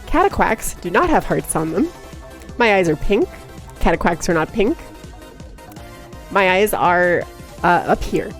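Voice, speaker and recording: A woman live-streaming in casual chat, playful and giggly, teasing her viewers and cooing baby talk at her cat. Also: mid-range voice. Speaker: livestreamer.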